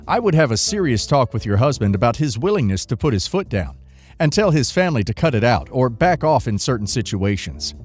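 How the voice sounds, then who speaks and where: A man narrating, reading online forum posts and comments aloud in a steady read-aloud delivery. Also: medium pitch, brisk, breathy edge, faint music behind.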